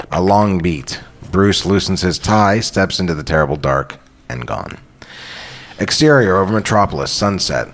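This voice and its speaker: A man hosting a podcast, reading a screenplay aloud with deadpan, profane asides. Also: sits low. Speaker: podcast host. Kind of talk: script read-through with banter.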